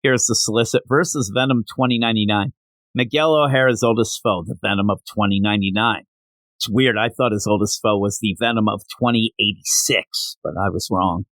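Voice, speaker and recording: A man's voice: fairly low pitch, brisk, fairly bright tone, dry recording. A man reviewing comics in a casual solo show, ranting and sarcastic, tired from not sleeping.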